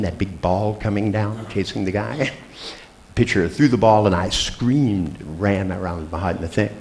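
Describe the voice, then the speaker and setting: An older man giving a seminar talk, telling animated anecdotes to his audience with blunt swearing. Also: sits low, a little hiss or hum. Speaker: seminar speaker. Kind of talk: storytelling talk to a live audience.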